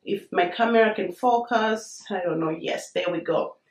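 Bubbly woman vlogger, a little hoarse from a cold, chatty and excited, recorded in an echoey room. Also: fairly low pitch, normal speed. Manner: bubbly, excited, says "you guys" often. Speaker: vlogger reviewing a handbag. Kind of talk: casual chatty unboxing vlog.

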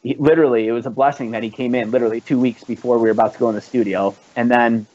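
His mid-range, slightly mellow voice stays steady in tone even as he speaks rapid-fire. A band's founding musician appearing as a guest, he laughs through meandering, profanity-laced stories in a casual chat captured on a muffled lo-fi podcast.

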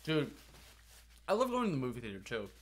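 A young man co-hosting a casual podcast, telling a story with animated, profane energy. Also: mid-range voice, a little fast. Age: young adult. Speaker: podcast co-host.

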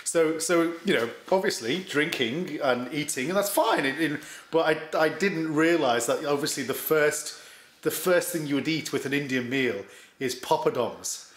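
A karate teacher tells a story in casual chat, with dry, teasing humor and a slightly high voice. He restarts his sentences often. His voice rings with echo from the room. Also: normal speed, a bit bright. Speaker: karate instructor, podcast guest. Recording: roomy echo.

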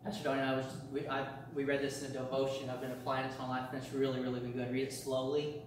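A man's monotone, mid-range voice races through a discipleship class he's teaching as pastor, full of earnest repetition, preacher-like rhythm, and phrases he keeps starting over. A little hiss or hum sits under the audio, captured from a distance in a very echoey church meeting room.

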